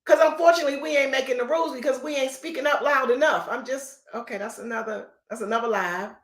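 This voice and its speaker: A woman's voice: high voice, quick pace. A middle-aged woman real estate coach giving an emphatic, preachy motivational talk on a live stream. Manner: emphatic, repetitive, preachy, folksy. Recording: echoey room.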